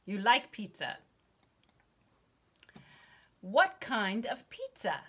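A young adult woman teaching an English lesson online to a child, slow and encouraging, with lots of praise. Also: medium pitch, very animated, pushed and bright, husky.

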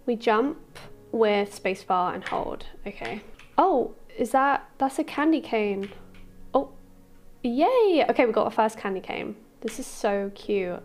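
A woman hosting a casual let's-play, gushing and excitable, with squeals of delight and soft murmurs as she explores. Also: mid-range voice. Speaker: gaming channel host.

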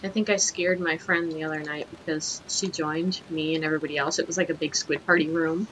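A young woman hosting casual gaming commentary, crude, giggly and excitable, talking over her play. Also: low voice, a little fast, slight background noise, poor audio. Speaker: host.

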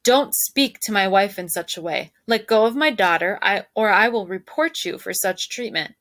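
Storybook father, steady and firm, read by a woman, dry close sound. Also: medium pitch, normal speed, no echo, natural voice.

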